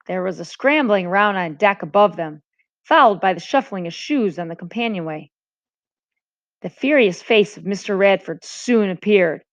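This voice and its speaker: A woman, a teacher, reading a novel aloud to a class with a brisk, expressive delivery. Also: on the low side. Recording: dull lo-fi recording.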